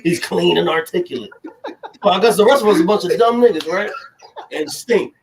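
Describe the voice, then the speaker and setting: A young man co-hosting a podcast rants animatedly through heated political banter, cutting in with "hold on." His voice is high and quick, with a crowd audible in the background.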